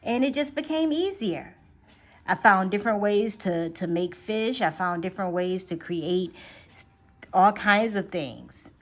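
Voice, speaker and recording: A woman speaks straight to her viewers in a relaxed reading vlog. She is chatty and encouraging, circles back over her words as she thinks, then eases into slow, gentle affirmations. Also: medium pitch. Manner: repeats and restarts phrases as she thinks aloud. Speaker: astrology and tarot reader. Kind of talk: casual spiritual reading vlog.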